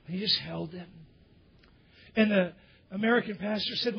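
A male pastor preaching a sermon in church, swinging from loud emphatic bursts down to near whispers. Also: high-pitched, a little fast, gravelly, long pauses, slightly rough, muffled recording.

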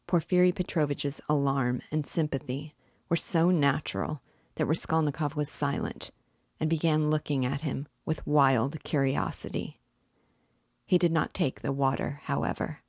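A woman, host of a reading series, narrating a novel aloud in a measured, clear way. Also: low voice, fairly even intonation, a little mellow, dry recording, clean studio sound. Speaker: audiobook reader.

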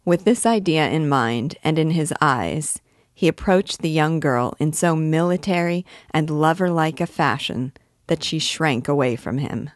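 A woman reading a classic novel aloud with measured, expressive narration. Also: low voice, dry recording, clean studio sound. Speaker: reader and guide of a book.

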